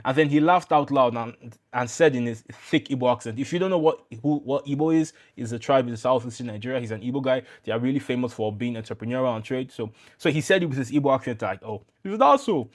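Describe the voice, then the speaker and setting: Man, YouTube coach, business explainer, casual, emphatic, blunt asides, mid-pitched voice. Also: fast talker, a little mellow. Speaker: YouTube growth coach for founders. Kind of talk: direct-to-camera business explainer.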